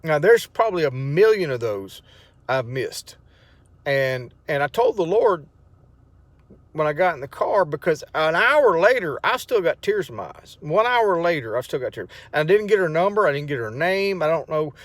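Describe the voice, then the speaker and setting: A man's voice: fairly high pitch, sing-song, moderate pace, dry recording. A middle-aged man, telling a personal testimony in a rambling, emotional way with many restarts. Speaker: vlogger sharing a testimony. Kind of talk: casual spoken testimony.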